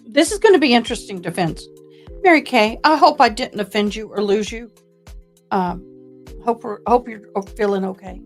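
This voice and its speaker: A woman's voice: on the high side, expressive, normal speed, soft background music. A woman with a Tennessee accent hosting a livestream, chatting casually and thanking viewers by name between trial updates. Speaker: livestream host commenting on a trial. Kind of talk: casual live commentary.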